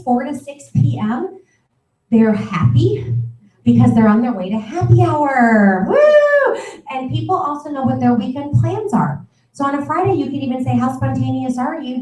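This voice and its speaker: A middle-aged woman coaching with a bright, peppy energy, her voice sitting a little high and warm in tone. She sounds some distance from the mic in a roomy, echoey space. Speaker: sales trainer. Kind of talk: live training talk. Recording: echoey room, voice from far off the mic.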